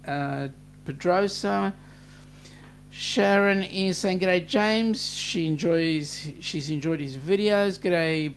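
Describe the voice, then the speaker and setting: A man's voice: sits high, slight background noise. An Australian man hosting a casual live-stream chat, reading out viewer comments and greeting each by name. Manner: chatty, reads viewer comments aloud with g'days. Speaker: host.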